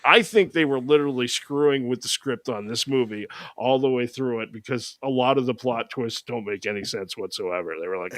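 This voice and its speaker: A man's voice: mid-range voice, a little fast, few pauses, a bit bright, dry recording, studio quality. A man hosting a podcast, recapping a movie in a casual, sarcastic, mocking way. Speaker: podcast host.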